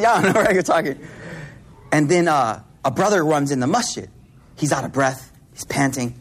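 A man from Buffalo giving a casual Islamic lesson, an animated storyteller mixing slang and Arabic terms. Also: a little high, moderate pace, breathy edge. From Buffalo, New York, US. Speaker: Islamic teacher.

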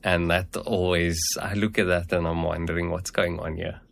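Deep-voiced guy in an interview, calm explaining, lots of um and so. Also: vocal fry. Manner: measured, explanatory, many "at the end of the day". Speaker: herbal medicine practitioner guest. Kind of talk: interview answers.

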